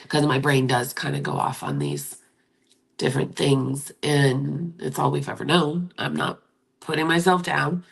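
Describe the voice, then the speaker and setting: A woman in her fifties hosting a live-stream chat, talking gently and encouragingly as she reads out viewer comments, often dropping close to a whisper. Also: sits low, creaky, husky. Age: 50s. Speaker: livestream host.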